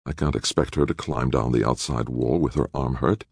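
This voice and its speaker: A man's voice: very deep voice, normal speed, creaky, husky, no room sound, studio quality, exaggerated voice. A man playing a determined man on the run who gives urgent, commanding orders.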